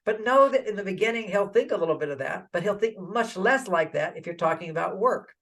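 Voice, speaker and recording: An older man giving relationship advice in an interview, animated and acting out little quoted dialogues. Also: high-pitched, brisk, gravelly. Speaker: relationship author and guest.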